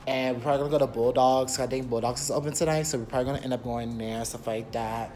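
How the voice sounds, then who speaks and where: A man's voice: mid-range voice, fairly even intonation, quick pace, a little mellow, slight background noise. A young man vlogging on his phone in a rented apartment, chatty and rambling, with lots of fillers like "period". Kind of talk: casual vlog talk to camera. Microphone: phone camera.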